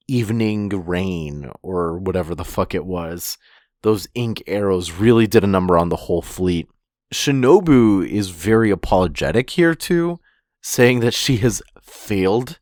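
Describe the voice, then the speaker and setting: Man, podcast co-host, laid-back slow talk, casual swearing, dry close sound. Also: on the low side, dry recording. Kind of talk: casual chat recapping a manga chapter. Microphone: podcast microphone.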